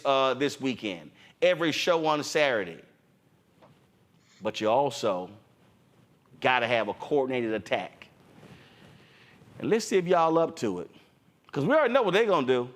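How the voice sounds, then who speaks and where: A man's voice: fairly high pitch, animated, normal speed, long pauses, a bit bright. A man hosting a political talk show, delivering fired-up commentary with a preacher-like cadence and quoting others in mock voices. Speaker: host.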